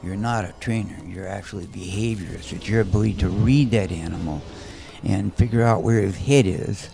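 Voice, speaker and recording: Gravelly-voiced animal trainer man. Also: lowish voice, brisk, dark tone. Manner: earnest, explains in restarts. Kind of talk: casual commentary chat.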